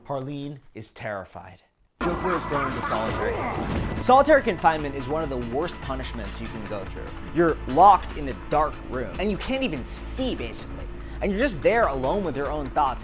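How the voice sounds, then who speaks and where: A man casually narrating a retold film story in an animated way, with music underneath. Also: medium pitch. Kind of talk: storytelling retelling of a film plot.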